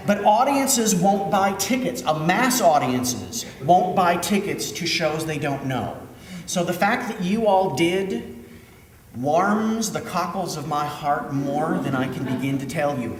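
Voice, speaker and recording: A man from Minnesota, a theater director, telling a story in a chatty, lively way during a post-show Q&A. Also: a little high, a little slow. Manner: chatty storytelling, animated when quoting. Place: theater auditorium. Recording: echoey hall, mic at a distance.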